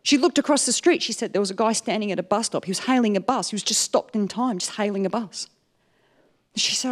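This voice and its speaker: A woman, telling a personal story to a live audience, wry and animated with comic timing. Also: mid-range voice, quick pace.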